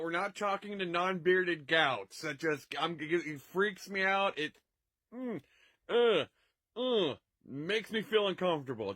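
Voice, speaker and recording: A man's voice: sits high, sharp tone, no echo, clean studio sound. A man doing absurd, crude comedy sketches with rambling bits.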